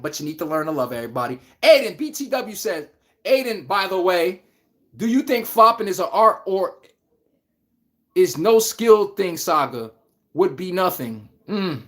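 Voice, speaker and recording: A man hosting a live basketball talk stream, animated and trash-talking, laughing often and answering viewers by name. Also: high voice. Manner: addresses chat viewers by name. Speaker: podcast host. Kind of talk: casual live sports talk.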